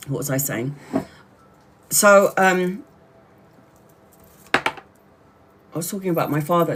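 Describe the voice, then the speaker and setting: A woman from Brazil hosting a casual livestream. She talks chattily, laughs often and restarts her sentences. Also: on the low side. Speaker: tarot reader livestream host.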